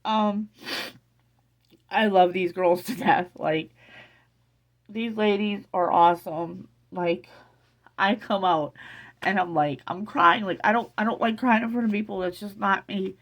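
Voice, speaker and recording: A woman's voice: medium pitch, steady tone. Tearful middle-aged woman telling family news. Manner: emotional, halting, tearful. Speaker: vlogger sharing family news. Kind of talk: casual emotional storytelling.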